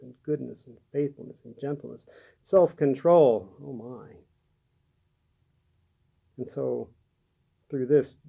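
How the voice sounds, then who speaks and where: A man giving a gentle, halting devotional talk as a pastor, with many pauses and fillers. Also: mid-range voice. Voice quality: gravelly.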